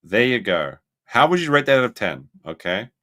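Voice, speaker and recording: A man hosting a livestream, reacting to clips with excitable commentary that keeps breaking into laughter and sudden shrieks. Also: mid-range voice, normal speed. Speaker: livestream host.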